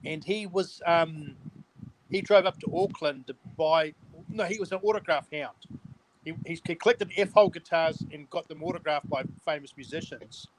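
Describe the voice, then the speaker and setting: A man speaks in a fairly high voice, halting and hesitant as he tells a story. A faint noise sits under the recording. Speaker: co-host. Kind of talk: casual chat.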